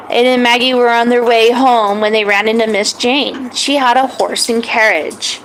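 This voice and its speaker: A woman tells a children's story in a gentle, animated way. Her voice sits high. A faint hiss runs under the recording. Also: moderate pace, few pauses, low-quality recording.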